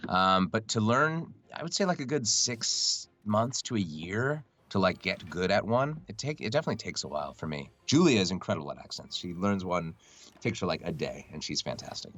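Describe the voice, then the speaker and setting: A man guest on a call, talking in a relaxed, rambling, self-deprecating way from home. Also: low-pitched, brisk. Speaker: guest voice actor. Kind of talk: casual chat on a call. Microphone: computer mic over a video call.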